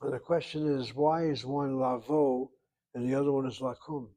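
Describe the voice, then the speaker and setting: An older man teaching a Hebrew class, explaining grammar patiently and step by step, repeating words slowly. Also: mid-range voice, steady tone, dark tone.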